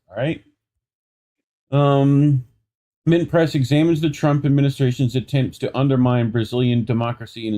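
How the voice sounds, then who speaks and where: A man's voice: mid-range voice, dark tone. A young adult man co-hosting an independent news show, reading stories aloud and breaking off into sarcastic, riffing asides. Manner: sarcastic, riffing asides between quoted passages. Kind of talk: casual commentary reading news items.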